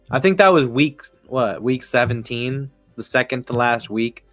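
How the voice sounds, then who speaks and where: A man's voice: mid-range voice, moderate pace, a bit bright, no echo, faint music behind. A man streaming casual live baseball commentary, rambling, swearing often and laughing as he talks. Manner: rambling, profane, laughs while talking. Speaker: sports streamer.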